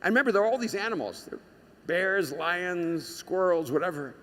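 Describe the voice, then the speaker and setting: Animated, bright-voiced male preacher. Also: sits high, fairly quick, in a large hall. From United States. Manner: storytelling, animated, shouts quoted lines. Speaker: pastor. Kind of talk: sermon.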